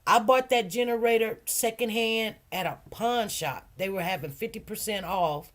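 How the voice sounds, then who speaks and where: A woman hosting a casual livestream, chatty and rambling, repeating phrases and talking in relaxed informal grammar. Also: mid-range voice, normal speed. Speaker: livestream host and food truck owner.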